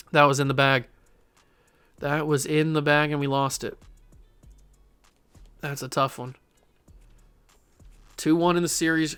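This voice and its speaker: A young man giving live commentary while playing a baseball video game, groaning when it goes badly and shouting when it goes well. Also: a little high. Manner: animated, swings from frustrated groans to excited shouts. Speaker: gaming YouTuber.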